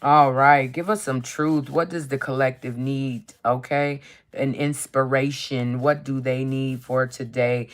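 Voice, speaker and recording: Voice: medium pitch, steady tone, measured pace, background noise. A card reader on a casual live stream who reads card keywords aloud as lists, swears casually and keeps asking "okay?". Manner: casual and profane, often tags lines with "okay?".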